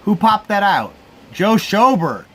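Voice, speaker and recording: A man's voice: high voice, big pitch swings, takes it slowly, fairly bright tone. A man with a slightly raised voice hosts a casual live reaction stream for a sports game. He talks in a loose, rambling way, addressing his chat directly. He sounds tired, yawning between thoughts. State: sleepy, yawning.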